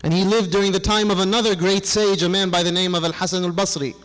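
A man's voice: sits high, fairly even intonation, fast talker, a bit bright. Earnest man preaching in a reverberant hall. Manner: earnest, quotes the figures of his story in his own voice. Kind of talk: sermon storytelling.

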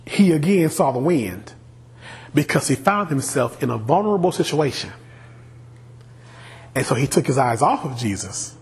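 A male pastor preaching a sermon, animated, often asking the congregation questions. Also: a little high. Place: church sanctuary.

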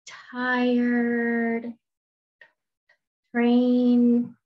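A woman teaching a phonics lesson to young children, sounding out letters slowly and encouraging them to answer. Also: fairly high pitch, monotone. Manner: slow, drawn-out sounding of letters and words; encouraging, asks questions and waits. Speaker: kindergarten teacher. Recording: dull lo-fi audio with faint noise.

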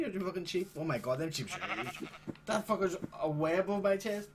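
A man hosting a gaming channel, chatting casually and swearing excitedly as he plays a game. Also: sits high, a little fast, noisy background. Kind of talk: casual gameplay commentary.

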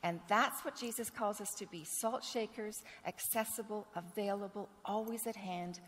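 A woman pastor delivers a sermon in a church sanctuary, her voice carrying a long, echoing reverb. She preaches with earnest storytelling at a medium pitch and stops now and then to clear a rough throat. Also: moderate pace, fairly bright tone, slight background noise. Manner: earnest storytelling, acts out quoted dialogue.

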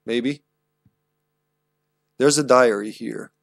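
A young man talks through a horror game on a live stream, loose and chatty, with frequent laughs and plenty of swearing. His voice sits at an everyday middle pitch. The sound is dry and close, with no room around it. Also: extremely slow, gravelly, dry recording. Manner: chatty, profane, laughs often. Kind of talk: casual live-stream gameplay commentary.

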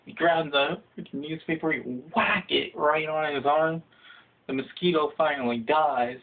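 A young man telling a comedic, profane story in a casual ranting way, jumping into high shouted voices for the people he quotes. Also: steady tone, normal speed. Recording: phone-like lo-fi audio.

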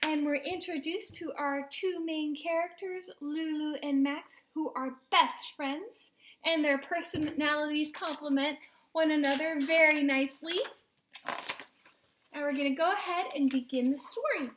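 A woman who teaches children's ministry, reading a picture book aloud to kids in a sing-song, animated way. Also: high voice, a little slow, a little hiss or hum. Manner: sing-song, warmly animated with voices for characters. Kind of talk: children's storybook read-aloud.

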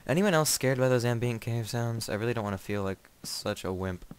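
A man's voice: medium pitch, expressive, fairly quick, clean tone. A young man casually commenting on his own gameplay, rambling and joking, easily startled. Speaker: gamer. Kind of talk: casual let's play commentary.

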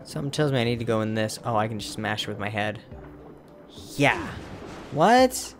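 A man's voice: on the low side, animated, moderate pace, soft background music. A man giving casual gameplay commentary as a let's play host, grumbling and exasperated, with mild minced oaths.

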